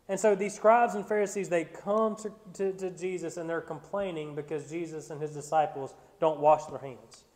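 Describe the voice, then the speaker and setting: A man's voice: a little high, steady tone, normal speed, hardly any pauses, a little mellow. A man preaching a Bible study sermon, reading scripture and then explaining it with growing emphasis and frequent restarts. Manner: repeats words when restarting. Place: church sanctuary. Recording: church sanctuary with long reverb.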